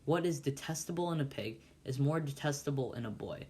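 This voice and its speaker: A preachy, pompous parish clerk moralizing at dinner, as a man reads him in his own mid-pitched voice. He sermonizes in an irritable, self-important way, like a character in a storybook read aloud. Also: animated, a little fast, warm tone, slightly rough.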